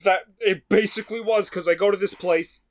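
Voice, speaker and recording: A man telling a frustrated story in casual chat, animated and swearing, acting out what people said. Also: high voice, brisk. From New York. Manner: animated, swearing, acts out quotes. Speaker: podcast co-host.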